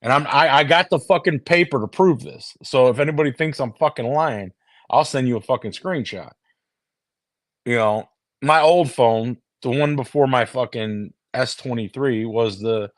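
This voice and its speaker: A man rambles to his viewers in a loose, profane chat, stumbling over repeated words and starting sentences over. His voice sits at an ordinary middle pitch. The sound is very dry and close, captured on a phone with no room echo. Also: unhurried. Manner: heavy swearing, restarts and repeated words. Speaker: streamer talking to viewers.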